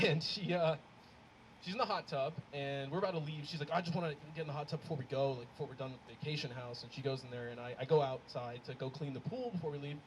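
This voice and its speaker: A young man performing a stand-up comedy set, telling stories in an animated way and laughing at his own jokes. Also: on the high side, fast talker, slight background noise, rough recording. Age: young adult. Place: comedy show with a live audience.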